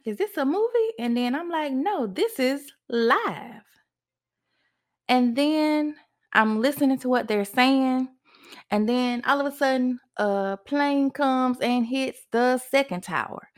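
A young woman hosts a podcast and tells a personal story. Her delivery is animated, and her voice climbs sharply when she acts out her own past words. She talks like she is sharing it with a friend. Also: medium pitch. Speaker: podcast host.

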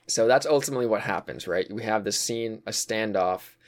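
A man with a fairly low voice talks through his take in a relaxed, casual chat. He thinks out loud, sighing and trailing off with fillers as he works through his ideas. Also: brisk. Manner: thinks aloud with frequent fillers and sighs. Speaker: co-host discussing a video game.

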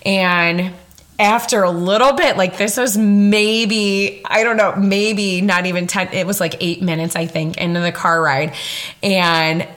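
A woman's voice: medium pitch, steady tone, a little slow, fairly bright tone. A young woman hosting a podcast and telling a personal story in a chatty, emphatic way, laughing often and swearing casually. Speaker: podcast host.

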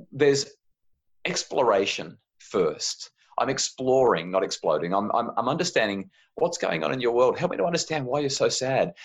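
A man speaking earnestly as a guest in an interview, acting out little quotes as he explains. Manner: earnest, animated, acts out quotes with high pitch jumps. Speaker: parenting author, guest. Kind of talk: conversational interview. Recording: slightly dull lo-fi audio.

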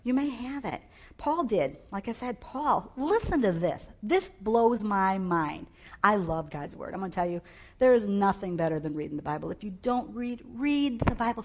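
A woman preaching a sermon on a clip-on mic, animated and emphatic, with sudden loud bursts. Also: mid-range voice.

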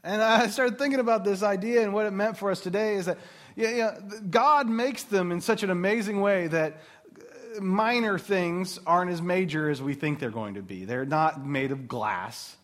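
A man's voice: sits high, moderate pace. A man in his thirties giving a faith talk to mothers, telling rambling personal stories and laughing at himself. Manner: warm, rambling storyteller who laughs at himself. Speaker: speaker at a Christian mothers' gathering.

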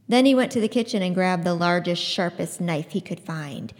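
A woman's voice: on the low side, expressive, normal speed, hardly any pauses. A woman hosting a book podcast who tells and reads a story expressively. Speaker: podcast host. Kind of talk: book review and reading aloud. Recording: long hall reverb.

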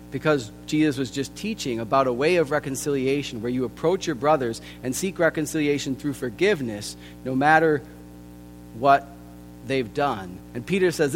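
A man preaching a sermon, earnest and deliberate, his voice softening at the ends of phrases. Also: medium pitch, expressive. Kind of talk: sermon with scripture reading. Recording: long hall reverb with faint music.

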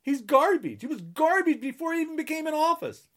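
Sing-song and very high-pitched, this man's slightly bright voice moves fairly quickly. He is a New Jersey political commentator on an angry tirade, sarcastic and indignant, scolding listeners and repeating mocking lines.

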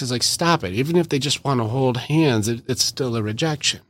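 A male podcast host chatting in a loose, animated way. He keeps acting out small everyday exchanges in playful voices. He sits close to the mic, so the sound is dry. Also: mid-range voice, fairly quick, no room sound. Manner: animated, acts out little quoted exchanges in lively voices. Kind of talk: casual conversational interview.

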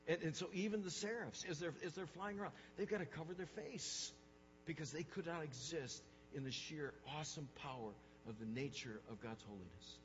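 A male pastor preaching a sermon, emphatic, repeating words for stress and swinging from hushed to loud. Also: on the high side, a little fast, big-room sound, lo-fi sound, a little hiss or hum.

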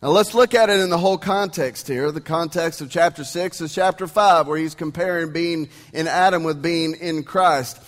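A man's voice: a little high, normal speed, few pauses, big-room sound. A man with an East Texan accent preaching a sermon as pastor, emphatic and conversational, leaning on rhetorical questions. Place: church sanctuary. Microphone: sound system.

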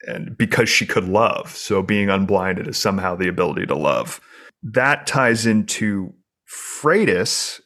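Earnest low-voiced man discussing a novel. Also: a bit bright. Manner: earnest, thoughtful, restarts phrases. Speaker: podcast co-host. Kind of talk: casual literary discussion.

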